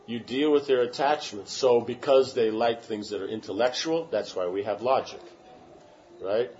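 A man's voice: medium pitch, moderate pace, a little mellow, dull audio, a little hiss or hum. A man teaching a class and answering questions, talking in an emphatic, rambling way with many restarts. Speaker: spiritual teacher.

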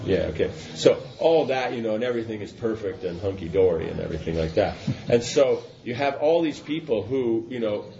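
A man with a lowish voice teaches a scripture class in a relaxed, talky way, checking in with his listeners as he goes. The recording is dull and lo-fi, with a faint hiss underneath. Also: fairly quick, few pauses. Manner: conversational, checks understanding with asides. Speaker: religious teacher.

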